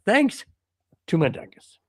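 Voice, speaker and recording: An American man co-hosting a casual sports podcast, telling a rambling story and reading out viewer chats in an excitable way. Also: unhurried, no room sound, studio quality. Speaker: podcast co-host.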